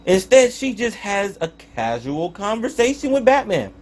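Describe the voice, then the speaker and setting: A young man reviews a show in a loose, exasperated rant, full of swearing and stumbling restarts. His voice sits somewhat high for a man and swings widely up and down as he talks. He sounds fed up. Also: sing-song, moderate pace, slight background noise. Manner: profane, exasperated ranting with frequent restarts. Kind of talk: casual spoken review.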